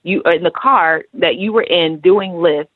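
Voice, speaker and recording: A woman's voice: fairly low pitch, normal speed, no echo. A woman hosting a talk show, speaking earnestly in a sermon-like way and addressing listeners directly. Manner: earnest, sermon-like, talks straight to the audience. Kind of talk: preachy talk show commentary. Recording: tinny, dry phone line.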